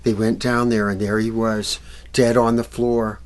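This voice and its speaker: Slow-paced animated male storyteller. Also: on the low side. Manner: animated, acts out characters and sound effects. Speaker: musical storyteller. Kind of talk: storytelling for children. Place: library event.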